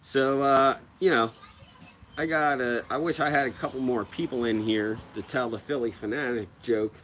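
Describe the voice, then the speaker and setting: A man's voice: mid-range voice, normal speed, fairly bright tone, a little hiss or hum. A man in his thirties hosting a casual livestream, telling a story in a rambling way with many restarts and frequent swearing. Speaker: livestream host.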